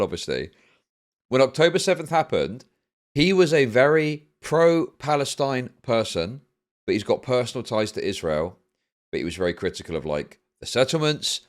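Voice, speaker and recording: A man streaming live, reading out donations with a dry, repeated "indeed," then explaining at length with many fillers. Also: on the low side. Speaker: streamer reacting to a video.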